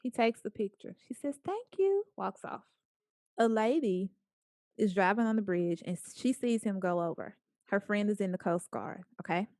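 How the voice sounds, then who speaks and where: A woman speaker telling a story to a small group in a lively, playful way, acting out the lines of the people in it. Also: medium pitch, normal speed, no echo, clean studio sound. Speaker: guest speaker.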